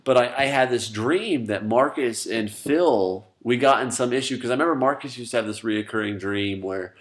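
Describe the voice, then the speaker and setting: A man's voice: mid-range voice, normal speed. A young man in casual chat with buddies, rambling through a story in a mid-range voice. He swears freely and laughs often. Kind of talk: casual chat among friends.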